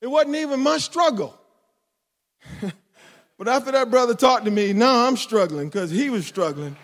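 A middle-aged male preacher with a very high voice delivers a sermon in a church hall. He swings between fervent shouts and hushed, joking asides. His bright, sharp tone rings out with a long reverb. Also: lively intonation, normal speed.

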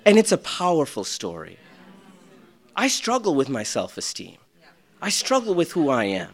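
Man, middle-aged, pastor, sermon, high bright voice, self-deprecating, loud to hushed swings. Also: wildly swooping pitch, normal speed.

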